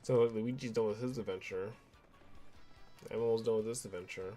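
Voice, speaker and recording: A man's voice: on the low side, steady tone, brisk, dark tone, faint music behind. A man giving casual, joking commentary while playing a video game. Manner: joking, chatty, laughs at the game. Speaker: let's play host.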